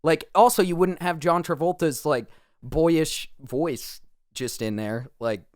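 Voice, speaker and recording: A man co-hosting a casual podcast chat, animated and jokey, often slipping into mock impressions. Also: on the high side, slow pace, dry recording, studio quality. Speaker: podcast co-host.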